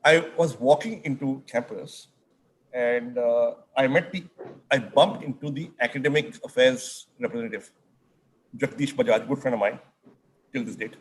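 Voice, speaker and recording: Speaking onstage at a summit, a middle-aged man with an Indian English accent tells animated stories from his student days, sprinkling in Hindi phrases during the conversation. His voice is mid-pitched and moderately paced, with a faint hiss in the background.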